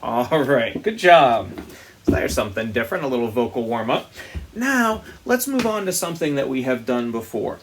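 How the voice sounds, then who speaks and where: A man teaching a music lesson to young children, speaking gently and patiently and demonstrating vocal slides with high sung sounds. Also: sing-song, normal speed.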